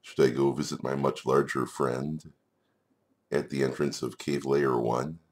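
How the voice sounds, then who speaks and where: A man voicing a mischievous young female giant cave spider in a high, giddy voice. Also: fairly even intonation, unhurried, a little mellow. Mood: wondering.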